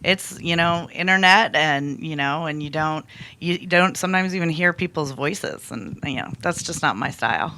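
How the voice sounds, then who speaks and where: A woman's voice: sits low, moderate pace, pushed and bright, a little hiss or hum. A woman guest on a podcast, talking casually and rambling with lots of fillers and restarts. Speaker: guest, toy company salesperson.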